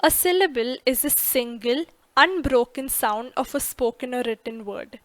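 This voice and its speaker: A woman narrating an English grammar lesson, slow and careful, stressing each example word clearly. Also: sits high, animated, no echo.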